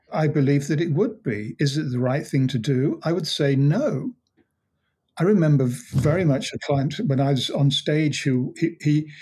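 This hypnotherapist and mind coach, a male interview guest, has a slightly high voice that's mellow and a bit rough. In the conversational interview he recounts client stories, restarting often and performing their lines.

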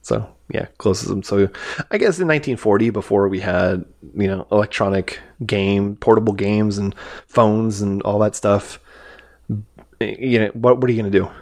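Rambling low-voiced podcast host. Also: male voice, normal speed, darkish tone. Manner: rambling, with many fillers and acted-out quotes. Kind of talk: casual movie review chat.

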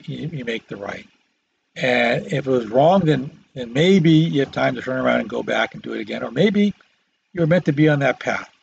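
A man hosting a solo podcast, talking haltingly with lots of fillers and restarts and dry self-deprecating jokes. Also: medium pitch, gravelly, highs cut off, slight background noise. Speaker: podcast host. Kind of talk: rambling solo podcast monologue. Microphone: microphone.

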